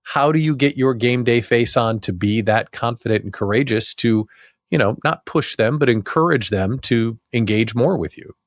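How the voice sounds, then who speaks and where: A male interview host with a middle-pitched voice asks long, considered questions that build up step by step. The sound is dry and close to the mic, with no room around it. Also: moderate pace, dry recording. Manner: thoughtful, long-winded questions. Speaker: podcast host.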